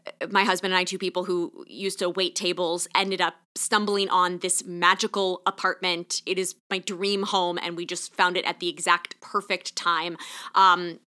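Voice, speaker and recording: A woman's voice: lowish voice, level tone, normal speed, pushed and bright. A middle-aged woman hosting a solo podcast, chatty and enthusiastic, getting emotional at times. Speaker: podcast host.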